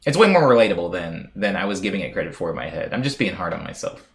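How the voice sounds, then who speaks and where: A young American man chats loosely on a live stream, drifting from story to story and reading messages aloud. His pitch swings widely and animatedly through each sentence, and he fills the gaps with a relaxed, playful ramble. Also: fast. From United States. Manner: rambling, chatty, playful, lots of fillers.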